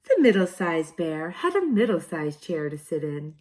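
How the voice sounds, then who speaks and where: A kindergarten teacher reads picture books to young children in a slow, sing-song, exaggerated storybook style, tossing in playful asides. Her voice sits low and is a little mellow, with big swings in pitch.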